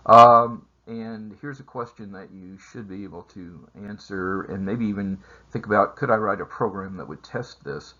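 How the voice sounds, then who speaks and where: Low husky guy lecturing on math, slow and careful, lots of uhs, muffled lo-fi sound. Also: bright, forceful tone. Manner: measured, explanatory, with frequent "uh" fillers. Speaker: math instructor. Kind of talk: recorded lecture over slides.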